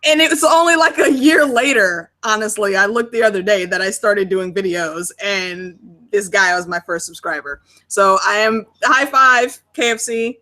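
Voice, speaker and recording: Chatty youtuber woman, sharp bright voice, drops swears casually. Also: mid-range voice, normal speed. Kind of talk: casual chat.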